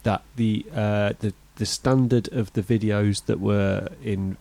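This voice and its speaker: A man with a low, gravelly voice co-hosts a comedic podcast chat. He keeps asking curious, quick questions and jumps in with reactions. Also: steady tone, dark tone. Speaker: podcast co-host.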